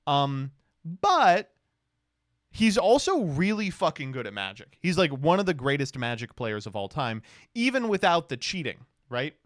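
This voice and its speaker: A man streaming casual reaction commentary, animated, swearing freely and laughing often. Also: on the high side, a little slow, dry recording, studio quality.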